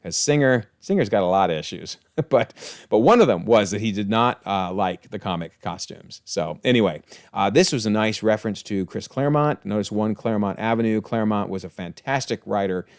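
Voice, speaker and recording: A man with a fairly low voice talks through a TV episode in a casual breakdown. He is chatty and enthusiastic, with frequent exclamations and chuckles. The recording is dry and close, with no room sound. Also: expressive, brisk, gravelly, no echo. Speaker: TV episode reviewer.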